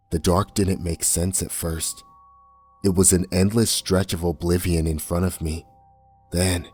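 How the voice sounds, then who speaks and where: A man reading a first-person horror story in a tense, measured way. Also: low-pitched, slightly rough. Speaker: narrator. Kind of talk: scripted horror narration. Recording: soft music bed under voice.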